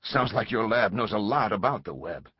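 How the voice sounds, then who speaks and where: Dude doing a tired shaken professor snapping back, husky, dry slightly muffled sound. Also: male voice, fairly low pitch, lively intonation, moderate pace, dry recording, pitched above the performer's own voice. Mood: tense. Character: shaken, exhausted male professor, pushing back. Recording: slightly dull lo-fi recording.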